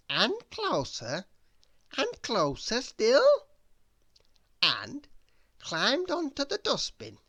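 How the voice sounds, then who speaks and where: A woman reading a children's bedtime story aloud in the first person, with expressive storytelling. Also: medium pitch, vocal fry, no echo.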